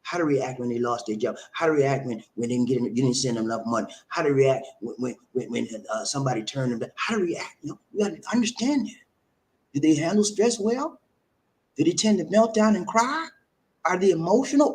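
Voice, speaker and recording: A man giving relationship advice in a lively, sing-song voice, pitched a little high for a man. He is preachy and repeats his points as he speaks straight to his listeners. A faint rumble runs underneath. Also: a little fast. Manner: preachy, repeats himself, talks straight to the audience. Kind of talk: casual advice broadcast.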